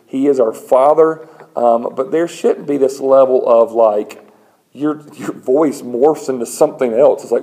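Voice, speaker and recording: A man's voice: mid-range voice, unhurried, low-quality recording. A man preaching a sermon in a conversational, lightly humorous way, often acting out the voices of people in his stories. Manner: conversational, animated storytelling with acted-out voices; frequent fillers and restarts, lightly humorous. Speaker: pastor.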